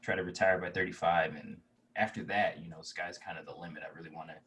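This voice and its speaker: Deep-voiced young man, rambling casually. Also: fast talker, recorded from a distance, a little hiss or hum. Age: 20s. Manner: relaxed, rambling with many fillers and restarts. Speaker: guest. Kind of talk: casual interview chat.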